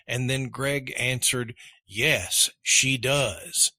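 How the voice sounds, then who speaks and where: Man explaining English grammar on a podcast, calm and unhurried, bright voice, dry sound. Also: mid-range voice, no room sound. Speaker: podcast co-host and English teacher. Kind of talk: language lesson podcast.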